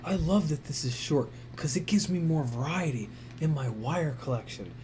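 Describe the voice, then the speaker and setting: A man chatting casually on a livestream. He rambles, swears freely and laughs at himself. His voice sits a little high for a man. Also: lively intonation, moderate pace, noisy background. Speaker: streamer.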